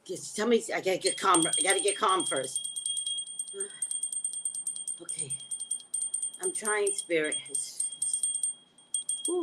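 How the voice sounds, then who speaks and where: A woman psychic hosting a live news talk, her voice sitting low yet swinging widely in pitch. She talks bluntly and emotionally, with frequent swearing. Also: background noise. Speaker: psychic host.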